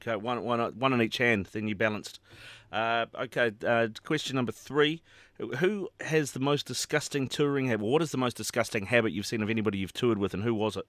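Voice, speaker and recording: A man's voice: medium pitch, a little fast, few pauses, fairly bright tone, dry recording. A man hosting a radio show, asking questions in a friendly, chatty way. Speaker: radio show host, interviewer. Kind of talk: casual interview.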